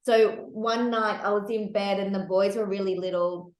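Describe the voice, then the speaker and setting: A woman hosting a candid, casual podcast chat, animated and laughing, with casual swearing. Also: medium pitch, moderate pace, echoey room. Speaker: podcast host.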